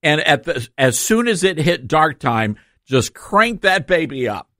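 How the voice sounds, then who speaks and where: A man's voice: a little high, sing-song, a little slow, pushed and bright, dry recording, studio quality. A man hosting a talk radio show, sarcastic and opinionated, laughing through his asides.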